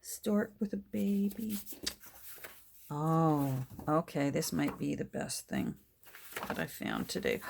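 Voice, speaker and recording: Soft-spoken older woman, slow and delighted. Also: low-pitched, animated, creaky, noisy background. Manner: delighted, often drops to soft whispers and gasps. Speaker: vlogger showing a thrift haul. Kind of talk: casual show-and-tell.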